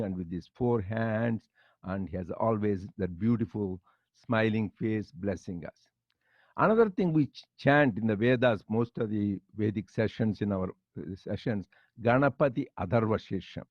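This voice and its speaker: A man leading a devotional study circle, explaining Sanskrit verses line by line with halting restarts. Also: mid-range voice, no room sound. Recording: dull lo-fi dry recording.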